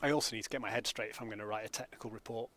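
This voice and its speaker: A man's voice: on the low side, steady tone, racing, a bit bright. A man, chatting casually with viewers during a live gameplay stream from home. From England. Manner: chatty, greets viewers by name.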